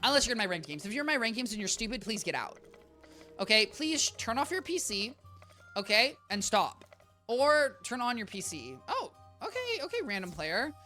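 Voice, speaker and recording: A woman's voice: on the high side, very animated, normal speed, bright, forceful tone, soft background music. A young woman streaming a game from her apartment, rambling playfully and talking straight to her chat. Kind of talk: casual gameplay chatter. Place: home apartment.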